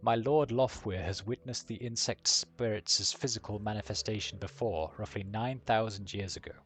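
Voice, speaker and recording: A dragon's grave envoy with a German accent , put on by a male streamer. He draws out every word slowly and deliberately, in a low, measured voice. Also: a bit bright, natural voice. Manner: slow, savoring each word.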